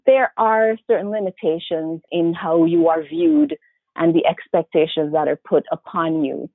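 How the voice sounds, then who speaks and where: A woman with a faint Vincentian accent talks through her career as an interview guest, reflective and animated, now and then mimicking others. Her voice sits a little low. The sound is thin and phone-like, with a dry, close feel. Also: unhurried, dry recording. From Saint Vincent and the Grenadines. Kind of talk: casual interview conversation. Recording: tinny phone-like call audio, dry.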